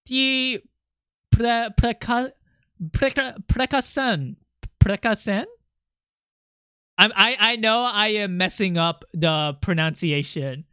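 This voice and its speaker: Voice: mid-range voice, slow, pushed and bright, smooth, no echo, clean studio sound. A streamer chatting casually and playfully with chat while drawing, rambling with lots of fillers.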